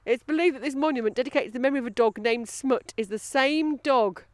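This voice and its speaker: Giggly chatty woman, bright high voice. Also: fast. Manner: giggly, chatty, breaks off with asides. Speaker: podcast host. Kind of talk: casual outdoor chat and reading aloud. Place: outdoors on a woodland path.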